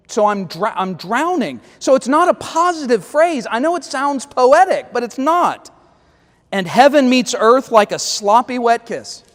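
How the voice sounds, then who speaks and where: Male pastor with a high voice, dry sarcastic teaching style, church hall reverb. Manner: wry, critical, reads lyrics aloud with sarcastic asides. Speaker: pastor leading Bible study. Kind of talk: Bible study teaching.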